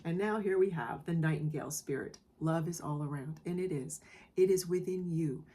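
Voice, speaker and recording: A woman giving a collective tarot reading in a soft, emotional way, often repeating phrases and checking in with the listener. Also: low-pitched, moderate pace, breathy edge. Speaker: tarot reader. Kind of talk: gentle spoken tarot reading.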